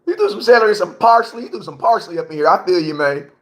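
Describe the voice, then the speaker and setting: A man hosting a casual live-stream sports talk from his home kitchen, slangy and chatty, repeating himself and slowing his words right down for emphasis. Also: high-pitched, animated. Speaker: livestream host. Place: home, cooking. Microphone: phone for live stream.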